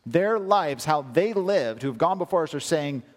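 A man's voice: fairly high pitch, lively intonation, normal speed. A male pastor preaching a sermon, reading scripture aloud and asking emphatic rhetorical questions. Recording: long hall reverb.

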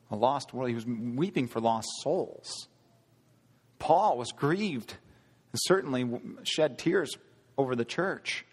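A man preaching a sermon, earnest, asking the congregation rhetorical questions and slowing down for emphasis. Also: medium pitch, breathy edge, long reverb tail. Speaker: pastor.

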